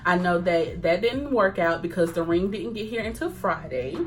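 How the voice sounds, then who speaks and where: A young woman chatting casually to camera, animated, acting out quoted lines and laughing often. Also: fairly low pitch, normal speed, slight background noise. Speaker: vlogger. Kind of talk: casual storytime chat.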